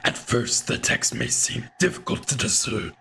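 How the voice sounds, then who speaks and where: A man voicing a grim male bug hunter from a video game, in a raspy, gravelly half-whisper with slow, ominous delivery. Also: medium pitch, pushed and bright, slight background noise.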